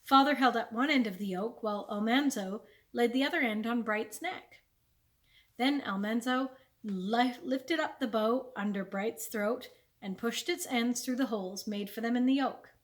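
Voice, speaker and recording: Woman reading a chapter book aloud, slightly high voice, clear and expressive, library story time. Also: moderate pace.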